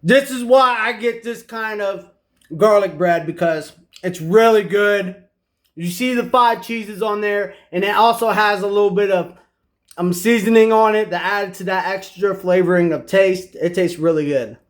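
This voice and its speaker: On his casual cooking channel, a man chats directly with his viewers while he eats. His voice sits high and his pace is unhurried, with a chatty manner.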